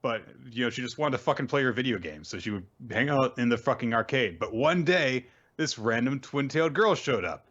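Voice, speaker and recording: A man's voice: medium pitch, lively intonation, brisk, few pauses, a bit bright, lo-fi sound. Wry, offhand man recapping manga. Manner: offhand, profane, wry, lots of fillers. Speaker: host of a manga recap show. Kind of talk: casual recap commentary.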